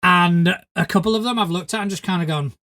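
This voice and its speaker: A man's voice: high voice, fast, pushed and bright. A man from Spain hosting a podcast in casual chat, joking dryly and swearing freely. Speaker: podcast host.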